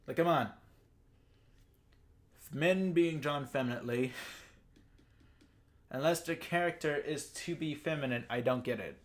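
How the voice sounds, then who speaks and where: A young man from Texas, ranting casually and profanely as a YouTube commentator. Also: a little high. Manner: rambling, profane, self-deprecating.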